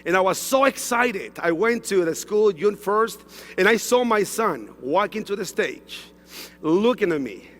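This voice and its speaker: A man's voice: sits high, animated, unhurried, a bit bright, long reverb tail. A man from Mexico giving an emotional personal testimonial on stage, repeating himself, with broken English phrasing. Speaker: stage speaker at a sales event. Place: large event hall on stage.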